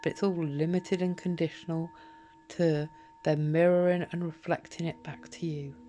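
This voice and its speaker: A woman's voice: on the low side, little pitch movement, normal speed, warm tone, a little hiss or hum. A woman speaking a bitter, confrontational, profane monologue straight to camera, addressing an absent person. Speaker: vlogger. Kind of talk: emotional direct-to-camera monologue.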